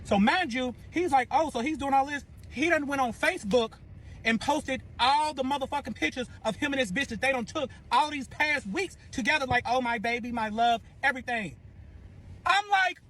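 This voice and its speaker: A man's voice: very high voice, fairly bright tone. A man telling a story in heated, profane bursts, repeating words as he talks. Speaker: storyteller in a clip.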